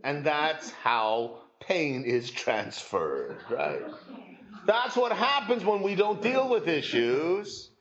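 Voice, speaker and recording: A male pastor preaching a sermon, telling a parable in a lively, humorous storytelling way and acting out the quotes. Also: a little high, slow, roomy sound, dull audio.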